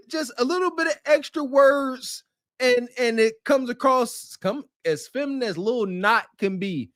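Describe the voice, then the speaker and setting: Man, high voice, laughing podcast co-host, mocking commentary, dry close mic. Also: measured pace, no room sound. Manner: animated, laughing, playfully mocking. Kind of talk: casual reaction commentary.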